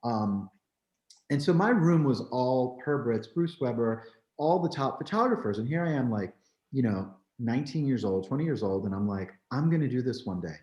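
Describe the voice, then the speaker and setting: A man from New Jersey, a photographer, telling his story in an animated, candid way, peppering his talk with "like" and "you know.". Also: mid-range voice, dull audio. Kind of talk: storytelling in a conversation. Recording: roomy echo.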